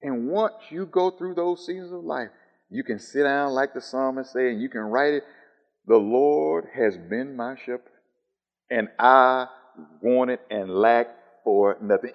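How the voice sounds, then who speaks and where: A man preaching a sermon. He swings between soft, low musing and loud, high calls, and he repeats his phrases in a steady rhythm. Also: a little slow, long reverb tail.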